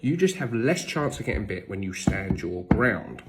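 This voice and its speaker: A man's voice: on the low side, sing-song, moderate pace, very noisy. A man with an English accent giving blunt, emphatic dog-training tips to camera, cursing now and then. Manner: blunt, emphatic, swears casually.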